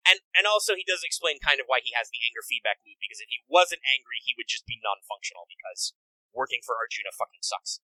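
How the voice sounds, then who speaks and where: Man, casual game chat, swearing, bright tone, dry sound. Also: medium pitch, no room sound, poor audio. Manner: animated, swearing, does quick character voices. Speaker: podcast co-host.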